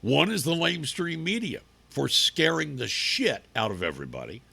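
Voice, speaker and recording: A man's voice: on the high side, very animated, moderate pace, gravelly, sharp tone, slightly rough. A man hosting a live opinion talk show, combative and profane, asking rhetorical questions.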